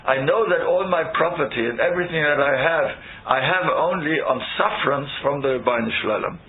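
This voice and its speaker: A rabbi giving a Torah lecture, thinking aloud, asking himself questions and weaving in Hebrew terms. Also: male voice, a little high, a little fast, slight background noise. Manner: thoughtful, searching, rhetorical questions, Hebrew terms. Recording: tinny phone-like lo-fi audio.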